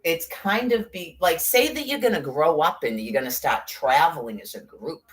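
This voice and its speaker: A woman's voice: deep voice, lively intonation, moderate pace. A middle-aged woman in casual chat, rambling, blunt and profane, with sarcastic asides. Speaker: podcast host.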